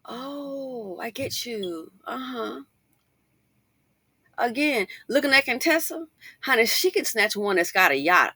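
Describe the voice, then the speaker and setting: A middle-aged woman hosting a casual commentary monologue, chatty and animated, full of asides and emphatic rhetorical questions. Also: fairly high pitch, takes it slowly, husky, no echo, clean studio sound. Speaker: commentary channel host.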